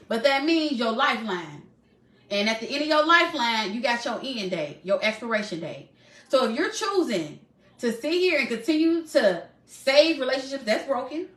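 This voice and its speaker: A woman's voice: sits high, sharp tone, roomy sound. A woman talking live from her home, in an earnest, heartfelt way, repeating phrases for emphasis. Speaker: live-stream host.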